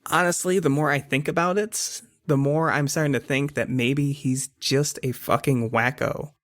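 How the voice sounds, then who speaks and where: A man's voice: fairly high pitch, fairly even intonation, moderate pace, no room sound, clean studio sound, voice pushed up, lightly acted. A man voicing a teasing, streetwise teenage girl in a tabletop game, with a lazy, sly drawl. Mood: blunt. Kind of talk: tabletop actual-play character voice.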